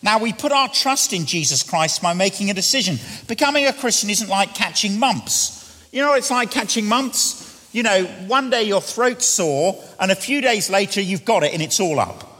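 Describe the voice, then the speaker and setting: A man preaching a sermon in a church, telling humorous stories and then slowing down to lead an earnest prayer. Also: sits high, expressive, bright, forceful tone. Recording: echoey church hall with long reverb.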